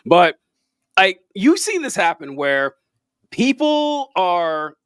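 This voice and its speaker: A man's voice: high-pitched, slow, clear, resonant tone, dry recording, clean studio sound. A man co-hosting a podcast, chatting casually and laughing often while ranking quotes. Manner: laughs often, animated banter. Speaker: podcast co-host.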